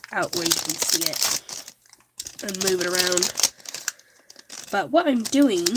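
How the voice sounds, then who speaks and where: A young woman with a slight put-on British accent, chatting casually and rambling through a crafting vlog while sick with a cold. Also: on the low side. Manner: chatty, rambling, self-deprecating, giggly. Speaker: crafting vlogger. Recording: loud crinkling and crackling of craft supplies. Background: crinkling plastic and paper.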